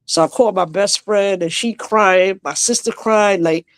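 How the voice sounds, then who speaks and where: A woman on a video call from home, a guest telling an emotional personal story on a live stream, halting and restarting as she speaks. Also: mid-range voice, dry recording.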